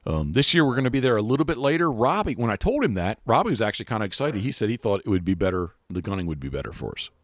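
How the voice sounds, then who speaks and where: Male podcast host, deep and dry-miked, loose rambling chat full of restarts. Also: sing-song, very fast, few pauses, no echo. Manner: rambling, many restarts and fillers. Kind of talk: casual chat. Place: outdoors.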